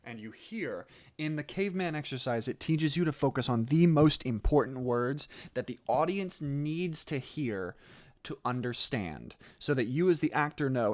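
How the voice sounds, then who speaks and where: A man's voice: mid-range voice, animated, normal speed. A man teaching an acting class in a recorded lesson, explaining patiently step by step over a screen recording. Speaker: theatre teacher.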